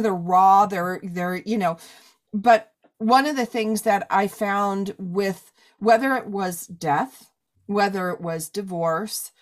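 A middle-aged woman hosting a podcast, reading an ad and then chatting with a guest in a loose, rambling way full of asides. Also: mid-range voice. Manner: chatty, many fillers and asides. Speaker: podcast host. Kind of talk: casual interview chat and ad read.

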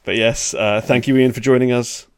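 A man's voice: medium pitch, steady tone, normal speed. A man hosting a podcast, chatting casually and laughing easily with his guests. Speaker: podcast host. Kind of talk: casual chat.

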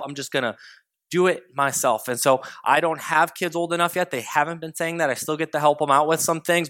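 A young American father with a slightly high voice preaches a sermon as relaxed, conversational storytelling. Now and then he imitates his toddlers.

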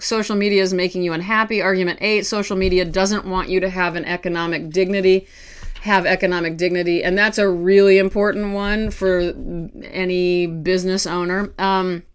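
A woman artist talking to camera at home, ranting with quick restarts and asides. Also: mid-range voice, smooth. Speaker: artist vlogger. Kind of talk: casual talk to camera.

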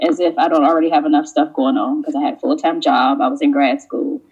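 Woman, husky voice, animated storyteller, casual podcast chat, muffled recording. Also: low-pitched, fast. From United States. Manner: animated, acts out quoted exchanges in changed voices. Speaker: podcast guest, wine professional.

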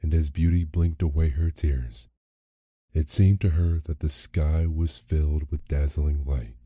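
A man narrating a fairy tale as a sleep story, reading in a slow, soothing, soft way. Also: rumbling low, steady tone, dry recording, clean studio sound.

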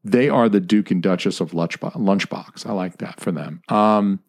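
A man co-hosting a podcast in loose, rambling chat. He jokes and swears constantly. His voice sits a little on the low side. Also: moderate pace. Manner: profane, joking, rambling. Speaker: podcast co-host.

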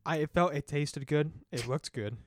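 A man in his twenties hosting a podcast, telling a story in a rambling, halting way full of fillers. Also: a little high, no echo, studio quality. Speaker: podcast host. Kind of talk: casual chat.

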